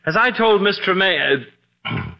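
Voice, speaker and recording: A man's voice: high-pitched, animated, unhurried, gravelly. A man playing a haughty, wisecracking doctor in 1940s radio comedy. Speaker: doctor character. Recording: dull, hissy old radio broadcast.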